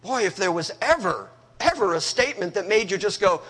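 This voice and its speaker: A man's voice: high-pitched, animated, fairly quick, fairly bright tone, breathy edge. A male preacher giving a sermon in a church hall, emphatic and conversational, talking straight to the congregation.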